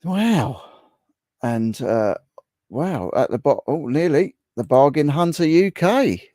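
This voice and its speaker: A man's voice: fairly high pitch, lively intonation, slow pace, dark tone, no echo, studio quality. A man, likely in his thirties or forties, hosting a casual livestream from home, chatting and laughing with viewers. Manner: chatty, laughs often, reads viewer comments aloud. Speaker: livestream host. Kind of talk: casual livestream chat reading comments.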